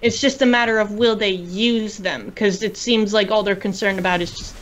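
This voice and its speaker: A woman speaking as a guest on a casual panel chat, eager and quick to jump in. Her voice sits at an ordinary middle pitch. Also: steady tone.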